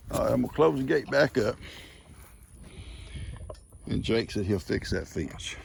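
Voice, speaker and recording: An older man, a gravelly voice and a lively, swinging pitch. He speaks outdoors on a farm, talking to his animals, scolding them fondly and calling out loudly to them in a high voice. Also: a little slow, pauses often, a little hiss or hum. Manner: fond scolding of livestock, loud high calls. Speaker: farmer.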